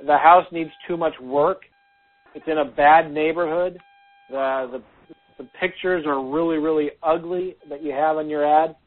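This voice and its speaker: A man's voice: fairly high pitch, fairly even intonation, moderate pace. A man co-hosting a casual business talk, giving practical advice with frequent "um" fillers, heard over a phone line. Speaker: podcast co-host.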